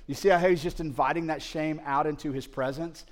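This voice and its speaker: Animated man preaching a sermon. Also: a little high, a little fast, hardly any pauses, big-room sound. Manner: animated storytelling that acts out quoted dialogue.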